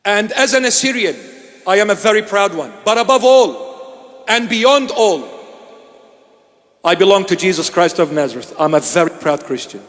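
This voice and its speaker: Man, from Iraq, preacher, high voice, emphatic, deliberate, sermon address, echoing church hall. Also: animated, a bit bright. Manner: emphatic, deliberate, with repeated phrases. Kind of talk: impassioned sermon-style address.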